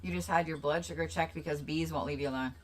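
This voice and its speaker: A woman hosting a casual livestream, rambling and repeating herself with sudden excitable bursts. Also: sits low, quick pace. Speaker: livestream host.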